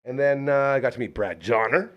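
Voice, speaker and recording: A man's voice: medium pitch, lively intonation, fairly quick, muffled recording. A man hosting a casual talk podcast, telling stories in a chatty way and reading sponsor plugs playfully. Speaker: podcast host. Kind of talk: casual chat.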